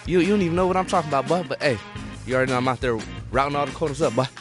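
A man's voice: a little high, steady tone, music in the background, pitched above the performer's own voice, natural voice. A football player imitating a brash, swaggering male teammate who keeps saying "bud". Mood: cocky. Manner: cocky, rapid-fire teasing.

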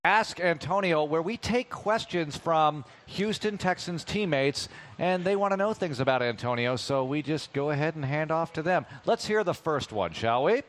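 A man's voice: on the high side, animated, normal speed. Upbeat guy hosting a sports segment, easy banter. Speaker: host. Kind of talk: casual show hosting.

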